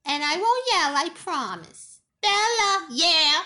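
A sassy young female pet dog with a very high, piercing, bright little voice, as a man puts her on. She argues and pleads in an overly dramatic, emotional way, then turns gushingly sweet. It sounds like a comic talking-pet bit. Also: sing-song, takes it slowly, heavily acted. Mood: tender.

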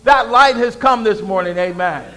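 Male pastor, high voice, call-and-response preaching, shifts from loud proclaiming to quiet asides. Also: normal speed, rough recording. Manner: swings between loud proclaiming and low conversational asides. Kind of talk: sermon.

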